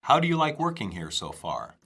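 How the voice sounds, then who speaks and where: A man reading scripted dialogue for an English lesson, slow, clear and careful. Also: medium pitch, wildly swooping pitch, a bit bright.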